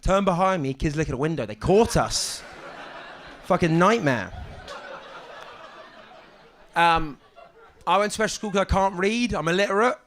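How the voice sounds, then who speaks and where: Halting deadpan comic, slightly high. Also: male voice, some chatter behind. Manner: halting deadpan delivery with frequent ums and restarts. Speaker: stand-up comedian. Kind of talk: stand-up set. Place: comedy club stage with audience. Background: audience laughter.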